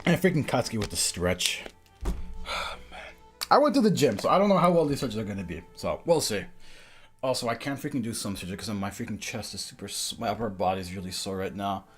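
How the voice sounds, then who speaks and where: Chatty man streaming with lively pitch. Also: brisk. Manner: chatty, self-mocking, often laughing. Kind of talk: casual livestream chat. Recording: faint music underneath.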